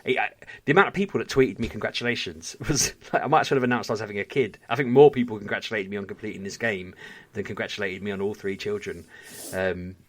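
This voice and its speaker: A man co-hosting a podcast, telling a story in casual chat with animated energy and frequent laughter. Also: lowish voice, fast talker. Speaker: podcast co-host.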